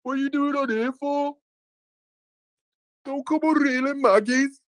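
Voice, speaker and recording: A man's voice: steady tone, measured pace. A man voicing an angry male chat heckler in a put-on Birmingham accent, ranting and swearing. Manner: ranting, swearing, high and heated.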